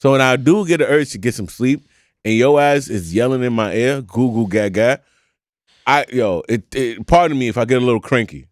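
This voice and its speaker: A man co-hosting a podcast, chatting casually in an animated, profane rant with frequent laughter. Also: medium pitch, fairly quick, dry recording, studio quality. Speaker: podcast co-host. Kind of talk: casual chat.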